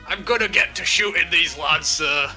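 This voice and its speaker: A man's voice: on the high side, moderate pace, pushed and bright, soft background music. A man playing a tabletop game, teasing and joking as he plays his character. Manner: jokey, teasing. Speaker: player.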